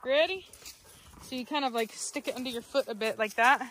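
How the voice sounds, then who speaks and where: Woman, casual outdoor vlog, laughing and barking commands at dogs, sharp bright tone. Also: high-pitched, fairly quick, slight background noise. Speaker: dog breeder filming her dogs.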